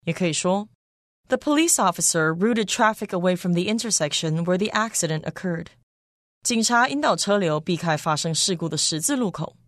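A woman with a lowish voice reads example sentences one by one, clear and measured. The sound is dry and close to the mic. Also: expressive, no room sound. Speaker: lesson reader.

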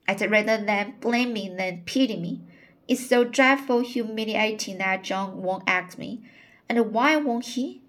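A woman's voice: medium pitch, measured pace, a bit bright, close to an everyday voice. A woman reading the part of a tearful forty-year-old spinster woman, plainspoken and aggrieved as she pours out her complaints.

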